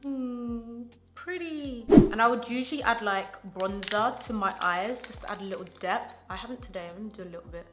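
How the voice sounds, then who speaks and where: A woman's voice: fairly high pitch, a little fast, few pauses. A woman beauty vlogger chatting casually while doing her makeup, gushing with enthusiasm and slang. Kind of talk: casual get-ready-with-me chat. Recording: roomy echo with faint music.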